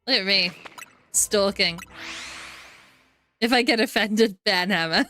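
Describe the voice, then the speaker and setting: A woman's voice: medium pitch, slow, bright, forceful tone, soft background music. A woman with a New Zealand accent streaming a video game, chatting casually with her viewers and her dog and laughing often. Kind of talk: casual chat while gaming.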